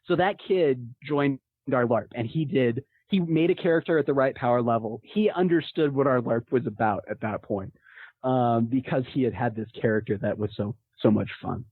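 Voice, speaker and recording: A man telling a tabletop gaming story in a casual, animated way, often laughing. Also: mid-range voice, moderate pace, breathy edge, no echo. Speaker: podcast guest; game master telling a story. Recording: tinny phone-like line.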